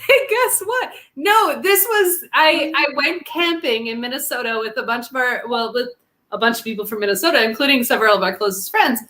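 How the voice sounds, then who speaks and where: A woman's voice: fairly high pitch, expressive, fairly quick, bright, forceful tone. A woman co-hosting a podcast in casual chat, laughing often and talking animatedly. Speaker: podcast co-host.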